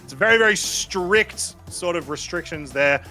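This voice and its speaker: A man with a bright, forceful voice co-commentates an online spaceship race, explaining the rules in a relaxed way. Faint music plays underneath him. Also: high voice, a little slow. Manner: explanatory, relaxed, laughs easily. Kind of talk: live esports commentary.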